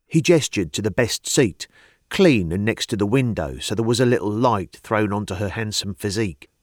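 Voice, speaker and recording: A man narrates an audiobook in a lowish voice with lively, shifting intonation. The recording is dry and close, with no room sound. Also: no echo. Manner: measured storytelling, lively intonation.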